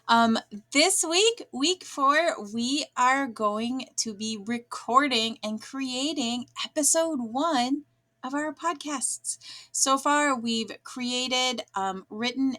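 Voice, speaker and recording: A woman teacher giving a lesson to children, speaking slowly and clearly with frequent pauses and "um"s. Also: fairly high pitch, pushed and bright. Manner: encouraging, slow and clear, with frequent "um"s.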